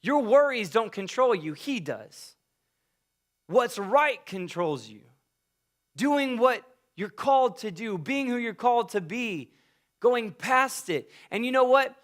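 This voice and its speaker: A man preaching a sermon as a pastor, emphatic and personal, swinging from loud urging to quiet confiding. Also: very high-pitched, big pitch swings, slow pace.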